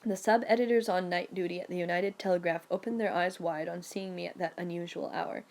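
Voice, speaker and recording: A woman reading a memoir audiobook aloud in a lively, storytelling manner. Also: on the low side, brisk. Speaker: audiobook narrator. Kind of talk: scripted first-person narration.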